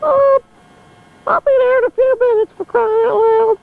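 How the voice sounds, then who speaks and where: A man voicing his house cat as it complains about wading through deep snow. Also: steady tone, normal speed, gravelly, narrow, tinny audio. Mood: grumbling.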